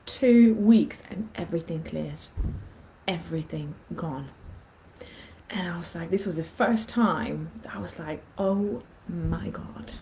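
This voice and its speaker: A woman's voice: lowish voice, unhurried, warm tone, slight background noise. A woman in her thirties telling a personal story in a casual vlog, animatedly acting out her own thoughts. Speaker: vlogger.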